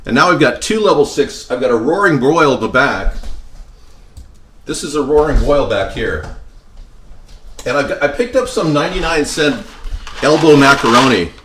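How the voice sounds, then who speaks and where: A man giving a casual home cooking demonstration, chatty and tossing in deadpan joking asides as he works at the stove. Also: medium pitch, normal speed, long pauses, slight background noise. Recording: kitchen clatter of pots and pans behind.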